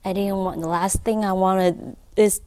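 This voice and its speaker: A woman, an accessory designer, telling a story as an interview guest in a filming studio. Her English is halting and full of fillers. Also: medium pitch, fairly even intonation, a little mellow, no room sound. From Taiwan. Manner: halting non-native English with frequent fillers.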